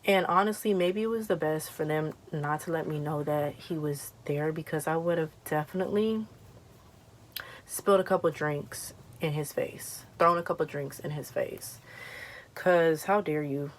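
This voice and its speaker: A young woman vlogger telling a story in a casual, chatty way, animated and swearing freely, while she takes down her braids at home. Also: sits low, normal speed, slight background noise.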